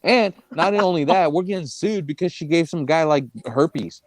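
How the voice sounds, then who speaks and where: A man's voice: fairly high pitch, normal speed, a little hiss or hum. A man in a casual live chat, joking crudely and playing at being bossy. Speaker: co-host of a live gossip chat.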